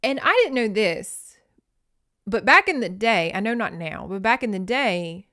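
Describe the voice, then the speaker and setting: Smooth-voiced woman joking through a book recap. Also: mid-range voice, expressive, measured pace, bright, forceful tone. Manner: playful, joking, dramatic asides. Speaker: podcast host. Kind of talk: casual book recap and reading aloud.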